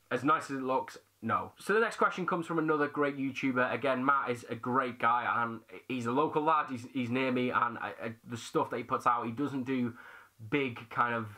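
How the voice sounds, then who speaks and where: A man's voice: mid-range voice, pushed and bright. A young British man hosting a casual Q&A for his movie channel, chatty and self-deprecating with plenty of slang. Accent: British English. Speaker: YouTube movie channel host. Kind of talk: casual Q&A chat to camera.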